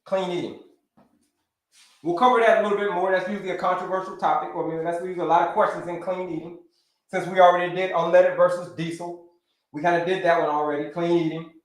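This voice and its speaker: A man coaching viewers through a livestream health lesson, with a voice pitched well above most men's. He drives his points home by repeating them and calls out viewers by name. The sound carries a roomy echo. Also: quick pace. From United States. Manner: animated teacher, repeats key points, greets viewers by name. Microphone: livestream setup.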